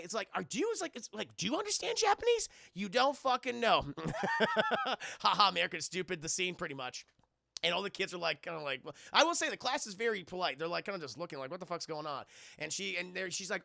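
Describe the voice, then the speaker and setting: A man's voice: high-pitched, creaky, sharp tone, no echo, studio quality. A young man casually recapping a film for his live chat, swearing a lot and acting out lines from the scenes. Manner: profane, rambling, acts out quotes. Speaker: streamer reviewing a film.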